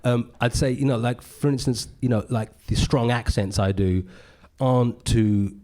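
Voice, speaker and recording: A man, a comedian talking casually in an interview and often slipping into loud put-on voices when quoting people. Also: mid-range voice, steady tone, normal speed. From Britain. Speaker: comedian guest. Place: live podcast recording in a venue.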